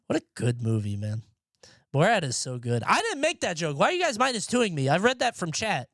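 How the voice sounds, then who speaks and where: A man's voice: fairly high pitch, huge pitch swings, normal speed, fairly bright tone, no echo, clean studio sound. A young man streaming and chatting casually, rambling and swearing offhandedly. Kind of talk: casual live-stream chat. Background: faint music.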